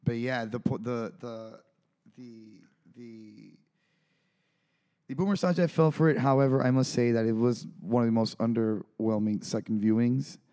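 A man's voice: mid-range voice, moderate pace, dark tone. A man co-hosting a podcast, chatting casually about a movie, rambling and self-deprecating with lots of restarts. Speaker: podcast co-host.

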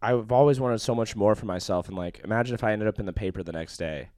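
A man's voice: lowish voice, fast, a little mellow, no room sound, clean studio sound. A young man telling a long personal story in casual chat, profane and rambling, full of fillers.

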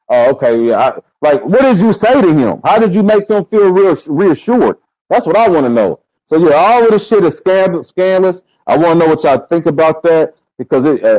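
A man's voice: fairly high pitch, warm tone. A man hosting a live stream, ranting heatedly and cursing as he talks straight to his viewers. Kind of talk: casual commentary to a live audience. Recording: dull lo-fi sound.

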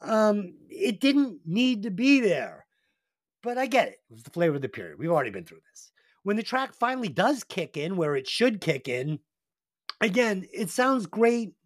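Recorded with clean studio sound and no echo, a man hosts a podcast in a high voice at a moderate pace. His storytelling is crude and lively, packed with swearing, and he also reviews an album.

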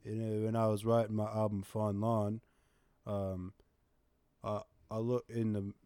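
A man voicing a dreamy young male pop singer who muses softly and haltingly. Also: lowish voice, flat delivery, clear, resonant tone, no echo.

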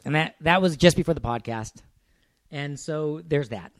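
A man's voice: fairly high pitch, normal speed, no room sound. Playful self-mocking man, dry close sound. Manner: self-deprecating, playful, laughs often. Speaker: podcast co-host. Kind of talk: casual chat.

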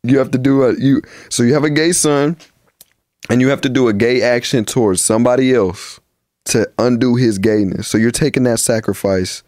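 A man's voice: mid-range voice, normal speed, no room sound, studio quality. A man co-hosting a podcast in casual chat, telling stories animatedly and laughing often. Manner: animated storytelling, laughs a lot. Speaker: podcast co-host.

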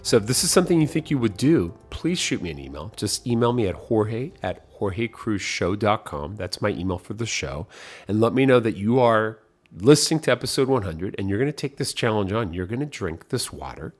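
A deep, slightly husky male voice delivers an upbeat coaching monologue for his podcast. He drives his points home by repeating key phrases, and faint music plays underneath. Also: lively intonation, moderate pace. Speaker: podcast host.

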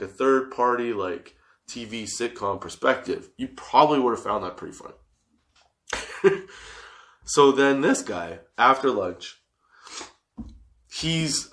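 A man's voice: fairly low pitch, fairly bright tone. A man in his thirties telling a workplace story as a casual monologue, swearing freely and laughing often.

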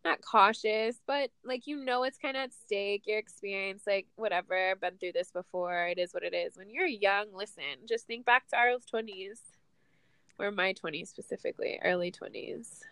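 A woman's voice: medium pitch, normal speed, a bit bright, clean tone, no echo. A woman co-hosting a casual sports chat, talking in a profane, emphatic and petty way. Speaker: podcast co-host.

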